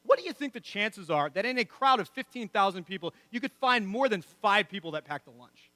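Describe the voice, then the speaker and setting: Male pastor, very high voice, emphatic conversational sermon, dry close sound. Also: animated, fairly quick, bright, forceful tone, no room sound. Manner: conversational and emphatic, rhetorical questions. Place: church.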